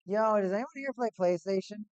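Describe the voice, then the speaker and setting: A man with a slightly high voice talks casually through a hockey watch-party stream. He rambles and repeats himself in an easygoing way. The sound is dry and close, with no room echo, from a desk mic at home. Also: brisk, darkish tone, clean tone, muffled recording. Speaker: live-stream host.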